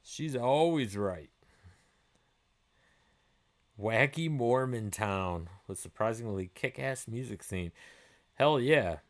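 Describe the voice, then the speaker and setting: A man's voice: medium pitch, lively intonation, slow pace, pauses often. A middle-aged man hosting a livestream, chatting loosely with viewers, swearing freely and laughing easily. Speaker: livestream host. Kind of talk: casual chat answering viewer comments.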